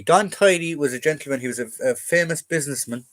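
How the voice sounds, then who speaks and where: A young Irish man hosts a casual militaria livestream, rambling, joking and answering viewer comments and questions aloud as he reads them. His medium-pitched voice is a bit bright and brisk, with hardly any pauses.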